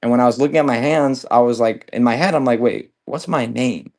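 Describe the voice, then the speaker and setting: Talking fast in a medium-pitched, slightly mellow voice, a man selling on a live stream spins a long, easygoing, meandering story in casual chat, heavy on curse words and filler.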